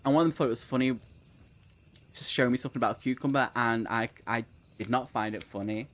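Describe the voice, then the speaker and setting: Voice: medium pitch, fast. A young adult book streamer chatting casually on a live reading sprint, answering chat messages, laughing often and swearing freely.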